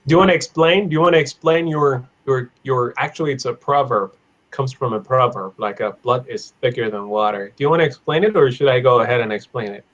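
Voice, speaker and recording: A man teaching an online English class on idioms, playful, laughing often and repeating phrases slowly. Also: medium pitch, a bit bright, lo-fi sound. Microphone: video call.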